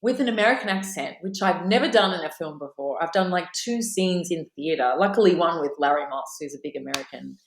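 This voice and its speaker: An Australian woman with a fairly low voice tells stories as a podcast guest, animated and playing out quoted lines. Her voice carries the echo of a roomy space. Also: brisk, hardly any pauses. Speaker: actress, guest. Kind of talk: casual interview, anecdote telling.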